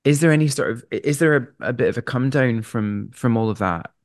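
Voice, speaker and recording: A man's voice: medium pitch, expressive, a little fast, dry recording, studio quality. A man hosting an interview, asking long rambling questions with lots of restarts. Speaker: podcast host, vet. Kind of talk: casual interview chat.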